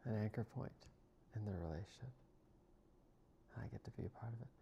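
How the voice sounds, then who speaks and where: A man speaking as a spiritual healer in a slow, soft, reflective monologue, often drifting into a whisper. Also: on the low side, creaky, a little hiss or hum.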